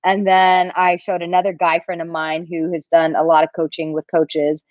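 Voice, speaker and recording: A woman dating coach talking casually on a livestream, reading out viewer comments and answering them in an animated, chatty way. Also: fairly low pitch, moderate pace, dry recording, lo-fi sound. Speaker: dating coach answering live chat questions.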